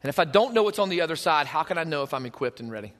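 A man preaching a sermon, emphatic and passionate, stacking repeated phrases and dropping from loud to hushed. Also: on the high side, expressive, rapid-fire, in a large hall. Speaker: pastor.

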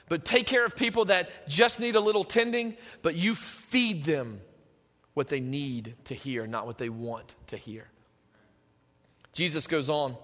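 A man preaching a sermon in a conversational way, moving between hushed and emphatic, in a church hall with long reverb. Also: high voice.

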